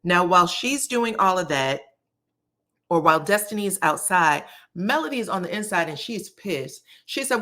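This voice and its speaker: A woman's voice: lowish voice, normal speed. A young woman giving a casual, slangy recap of a reality TV episode, acting out the lines she retells. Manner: animated, slangy, acts out the quotes she retells. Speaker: YouTube reality TV reviewer.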